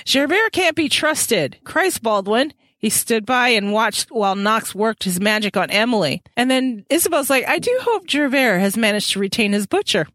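A woman hosting a casual book chat, reading passages aloud, laughing often and adding quick asides. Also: a little high, dry recording. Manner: animated, laughs often, reads aloud and quips. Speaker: podcast host.

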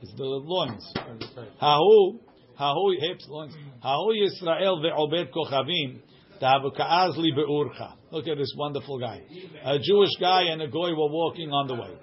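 A Talmud teacher leads a study group, reading aloud and translating line by line while checking in with "right?". His voice is on the high side at normal speed, captured in a dull lo-fi recording.

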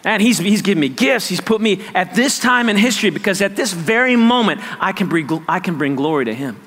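A man's voice: sits high, animated, fairly quick, fairly bright tone, big-room sound. A man preaching a sermon, emphatic and repetitive, often checking that listeners follow. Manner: emphatic, repeats phrases, asks "does that make sense". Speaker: pastor.

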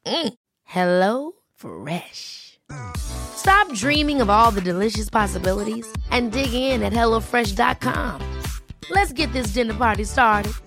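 A woman's voice: fairly high pitch, vocal fry, a bit bright. A woman reading a scripted ad in a playful, teasing way. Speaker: ad spokesperson. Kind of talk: scripted radio ad read. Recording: dry studio read with music. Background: light music bed.

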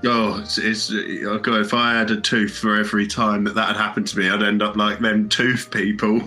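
A man co-hosting a comedy podcast, delivering absurd jokes in a matter-of-fact, deadpan way. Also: lowish voice, moderate pace, soft background music. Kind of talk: casual comic banter.

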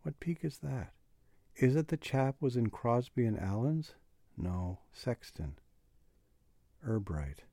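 A man reading a literary novel aloud as an audiobook, in a slow, measured, unhurried way, close to the mic. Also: medium pitch, lively intonation, warm tone, dry recording. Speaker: audiobook reader.

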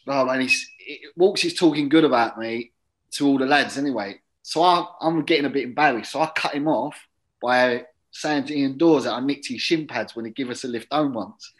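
A man telling a long casual anecdote as an interview guest, chatty and drifting into quiet muttered asides. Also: mid-range voice, moderate pace, poor audio. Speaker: guest, former footballer.

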